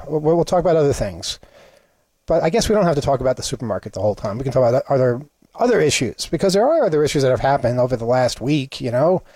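A man's voice: mid-range voice, expressive, fast talker, warm tone, dry recording. A man hosting a show, chatting casually in a playfully indignant, rambling way. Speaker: show host. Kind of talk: casual comedic chat.

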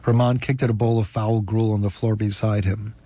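A man narrating an audiobook in a steady, even storytelling manner. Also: lowish voice, fairly quick.

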